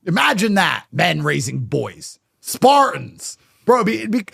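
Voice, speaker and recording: A man's voice: high voice, very animated, unhurried, gravelly, hardly any pauses, fairly bright tone, slightly rough. A man speaking as a podcast guest in casual conversation, blunt and emphatic, laying out his views with a stubborn edge.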